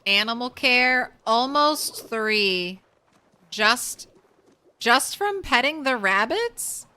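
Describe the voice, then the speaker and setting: Bright, crisp woman streamer chatting slowly. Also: on the high side, expressive. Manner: chatty, talks to herself and the game, yawning late at night. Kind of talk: casual gameplay commentary.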